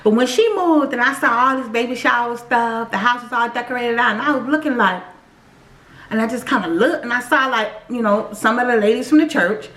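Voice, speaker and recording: Woman vlogger, lively storyteller, slightly high voice, roomy echo. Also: a little fast. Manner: animated, addresses viewers directly. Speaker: vlogger telling her own story. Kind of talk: casual storytelling to viewers. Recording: echoey room.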